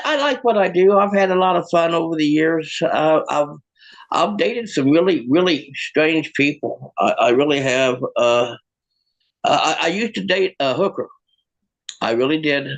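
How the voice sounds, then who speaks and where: A man doing a stand-up comedy set, with deadpan one-liners and halting restarts. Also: high-pitched, creaky.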